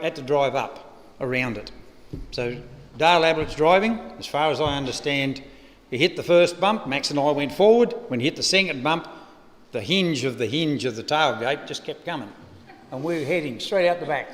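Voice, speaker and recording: A man with an Australian accent and a fairly high-pitched voice talks at normal speed, offering a eulogy in the form of a humorous, wandering yarn. He's at a lectern microphone in a funeral venue, recorded in an echoey hall.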